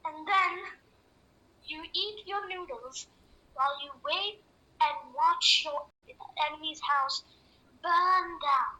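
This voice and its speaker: A young woman playing a boy chef who hosts a mock cooking show, giving cheerful step-by-step instructions with deadpan dark jokes. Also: sits high, heavily acted, rough recording. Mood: darkly gleeful. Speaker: chef in a comic cooking tutorial.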